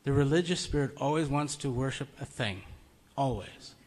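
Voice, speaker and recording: A man's voice: mid-range voice, normal speed, darkish tone. Folksy man preaching conversationally. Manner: conversational, storytelling, chuckles often. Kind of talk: informal sermon. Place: meeting room.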